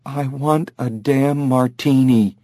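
A man voicing an upset, sharp-tongued middle-aged wife who talks bluntly. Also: mid-range voice, fairly even intonation, slow, dry recording, natural voice. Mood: exasperated. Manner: blunt and exasperated.

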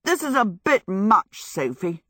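A woman's voice: medium pitch, very animated, a little slow, a bit bright, no room sound, studio quality, voice pushed up. A woman reading aloud, voicing a vain young male wizard who talks in a theatrical, irritable way. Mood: grumpy.

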